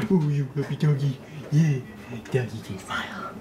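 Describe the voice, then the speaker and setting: A man vlogging as he talks to his dog in soft, doting baby talk that often drops to a half-whisper, picked up by a camera microphone. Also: medium pitch, moderate pace, few pauses. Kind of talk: casual vlog talking to his dog. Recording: noisy home video recording.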